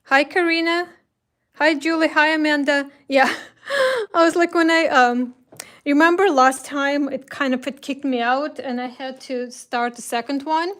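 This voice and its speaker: A woman's voice: high-pitched, unhurried, fairly bright tone. A woman hosting a craft livestream, chatting casually, greeting viewers by name and rambling with restarts. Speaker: craft shop host.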